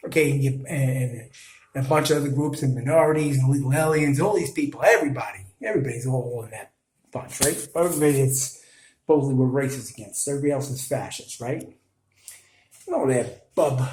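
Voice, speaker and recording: A man's voice: mid-range voice, a little mellow, echoey room, rough recording. A man with a New York Italian accent, ranting to viewers in blunt, scolding commentary. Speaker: video commentator.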